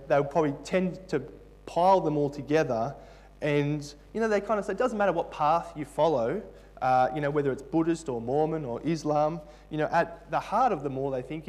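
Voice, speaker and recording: A man with a fairly high voice preaches a sermon. He talks in a conversational, emphatic way and keeps asking his listeners rhetorical questions. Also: darkish tone.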